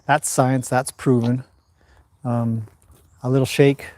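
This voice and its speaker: Calm man training a horse, livestream. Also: medium pitch, takes it slowly, no room sound. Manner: calm, talks to the horse and viewers in turn. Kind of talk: livestream commentary while training. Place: indoor arena.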